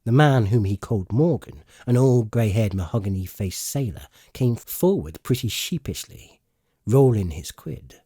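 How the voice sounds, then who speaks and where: A male audiobook narrator tells the story slowly and with lots of expression. His low voice has a husky grain, and the recording is dry and close. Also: animated, mellow, dry recording. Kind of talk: scripted narration.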